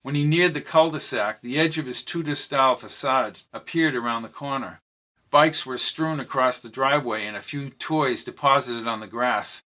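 Bright-voiced man narrating a story. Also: normal speed. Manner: reads dialogue with lifted pitch for characters. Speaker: audiobook narrator. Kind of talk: scripted narration of a novel.

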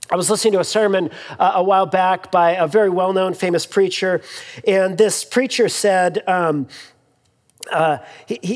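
Pastor delivering a casual, humorous sermon at an ordinary pitch; long echo of a big church hall. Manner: conversational, with frequent restarts and humorous asides.

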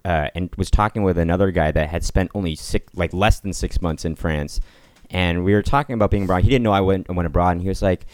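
A male guest with a smooth, resonant voice sitting a little low speaks on a podcast. He tells dry anecdotes and picks up the others' lines. The sound is close and dry. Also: quick pace, darkish tone, dry recording. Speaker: guest, musician. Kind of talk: casual podcast chat.

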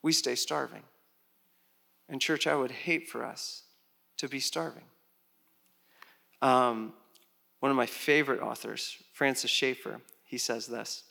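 A man preaching a sermon as pastor, animated, with loud rises, soft drops and chatty asides to the congregation. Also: mid-range voice, unhurried, creaky, long pauses.

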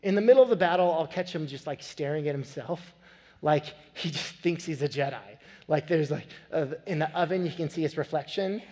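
A man in his thirties preaching a sermon, telling a family story with animated, building emphasis. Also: a little high, brisk. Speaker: pastor. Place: church sanctuary. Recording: long hall reverb.

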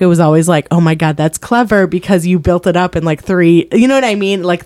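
A woman's voice: on the low side, a little mellow, no room sound. A woman chatting casually about TV shows, full of filler words and laughter. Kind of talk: casual chat.

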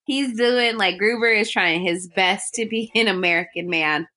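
A woman co-hosting a casual movie recap chat, retelling scenes in an unhurried way. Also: mid-range voice, pushed and bright. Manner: unhurried storytelling with quoted lines. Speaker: podcast co-host.

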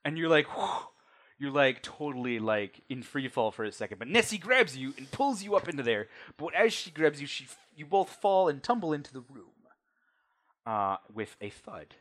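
A man's voice: on the high side, sing-song, moderate pace, a bit bright. A man narrating as game master of a tabletop role-playing game, telling the scene in a loose, conversational way.

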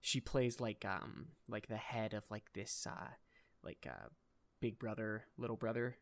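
A man's voice: on the low side, fairly even intonation, unhurried. A young adult man hosting a podcast in casual chat, rambling and enthusiastic, swearing casually. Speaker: podcast host.

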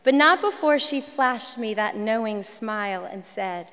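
Gentle, reflective woman storyteller in her forties; unhurried, slightly high pitch, long hall echo. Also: animated. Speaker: minister and writer. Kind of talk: personal storytelling reading.

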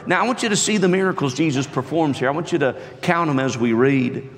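A man preaching a sermon with emphatic delivery, acting out quotes with rising and falling pitch. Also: fast talker. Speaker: pastor. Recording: echoey hall reverb.

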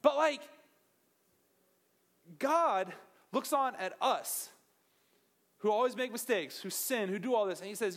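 A young man preaching a sermon in a casual, animated way, joking with the crowd and acting out little quotes. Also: high-pitched, measured pace, long pauses.

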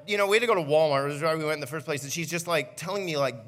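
A man, a student pastor, giving a sermon with animated, self-mocking personal stories. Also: fairly high pitch, rapid-fire, few pauses, in a large hall. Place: church auditorium.

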